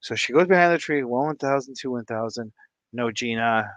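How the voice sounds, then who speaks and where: A man's voice: medium pitch, brisk, a bit bright, no echo. A man vlogging who tells a rambling, casual story and laughs often mid-sentence. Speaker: fish-keeping vlogger.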